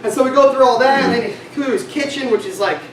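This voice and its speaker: A young man with a high voice tells an animated story to a sales team, acting out the voices of the people in it. He is recorded from a distance in an echoey room with clear background noise. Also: quick pace. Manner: animated storytelling, acts out dialogue, laughs often. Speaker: sales company vice president giving a talk. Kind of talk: motivational speech to a sales team.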